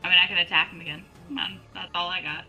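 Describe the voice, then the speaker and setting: Very bright-voiced woman playing a tabletop game. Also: fairly low pitch, fairly even intonation, fast talker, faint music behind, poor audio. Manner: casual and blunt, with some swearing. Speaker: player. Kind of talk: casual tabletop play.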